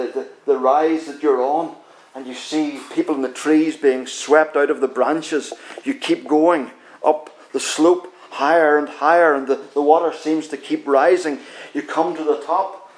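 Man preaching, telling a story to you, slightly high voice, dramatic and slowing down for the big bits, echoey room. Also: steady tone, a little hiss or hum. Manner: dramatic, builds tension, slows for emphasis. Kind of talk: sermon, vivid second-person storytelling.

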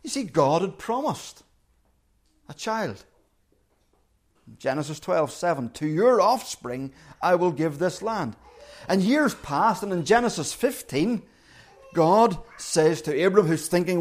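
Earnest high-voiced male preacher with lively pitch. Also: slow pace. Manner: earnest, acts out quoted voices with shifting volume. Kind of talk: sermon.

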